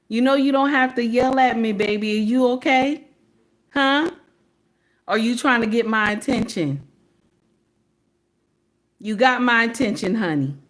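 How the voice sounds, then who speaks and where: On her livestream, this forties-aged woman with a Southern US accent speaks in a fairly bright, high-leaning voice. She's casual, preachy and sassy, talking straight to her viewers with "baby" and "okay?".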